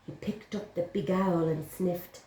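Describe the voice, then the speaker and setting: A woman's voice: on the low side, fairly even intonation, unhurried, dark tone. A woman teaching young children, encouraging and sing-song as she reads a picture book aloud. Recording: roomy echo.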